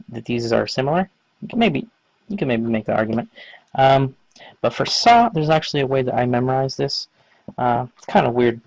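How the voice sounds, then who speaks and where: A man's voice: medium pitch, creaky, a little mellow, no room sound, muffled recording. A man casually explaining writing lessons, rambling with many fillers. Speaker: language teacher. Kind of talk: casual instructional talk.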